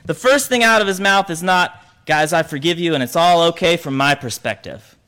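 Male pastor, sermon delivery, high and bright, animated storyteller. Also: normal speed, clean tone. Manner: animated, acts out quoted voices.

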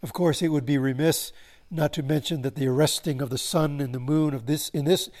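A man preaching a sermon, swelling to emphasis and slowing into solemn pauses. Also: fairly high pitch, steady tone, a little mellow. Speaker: pastor.

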